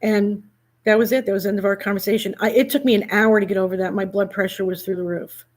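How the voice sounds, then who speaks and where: A woman hosting a casual talk show, telling an animated, indignant story and quoting back and forth what was said. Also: medium pitch, quick pace. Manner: animated storytelling, indignant, quotes others in conversation.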